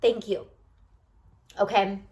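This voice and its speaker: A woman's voice: medium pitch, level tone, slow pace, darkish tone. A bubbly woman vlogger talking casually and animatedly straight to her viewers. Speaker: lifestyle vlogger. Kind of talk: casual chat to camera.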